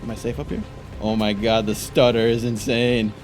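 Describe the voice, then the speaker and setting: A man's voice: on the low side, level tone, moderate pace, faint music behind. A young man giving frantic, frustrated commentary while playing a game. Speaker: gaming YouTuber. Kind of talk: gameplay commentary.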